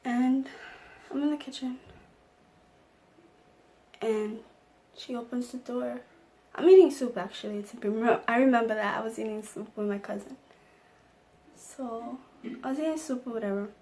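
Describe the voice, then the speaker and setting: A woman's voice: fairly high pitch, normal speed, mellow. A young woman vlogger telling an emotional personal story, acting out the lines of the people in it. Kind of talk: storytime vlog.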